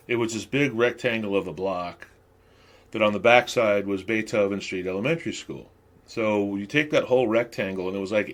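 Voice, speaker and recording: A man in his fifties, originally from California, tells long and loose stories on his own podcast. His voice sits a little low, and he swears freely, laughs between phrases and wanders off on tangents. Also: fairly bright tone. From Venice, California. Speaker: podcast host. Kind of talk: casual storytelling.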